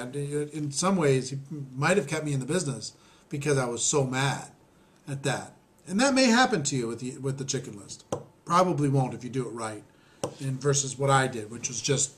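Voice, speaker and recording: Rambling man telling a story. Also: mid-range voice. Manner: rambling, self-deprecating, many fillers and restarts; clears his throat often. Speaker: network marketing trainer. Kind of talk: storytelling lesson.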